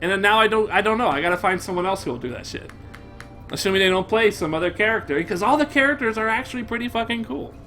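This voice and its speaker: A young man streaming a game live, commenting in an excitable, profane way and bursting into shouts. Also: high-pitched, fast, faint music behind.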